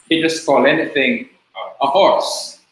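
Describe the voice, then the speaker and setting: Slow man teaching in echoey room. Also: medium pitch, steady tone, a bit bright. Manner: slow, patient explaining with repetition. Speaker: preaching school teacher. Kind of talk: classroom lecture. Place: classroom. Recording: very echoey classroom.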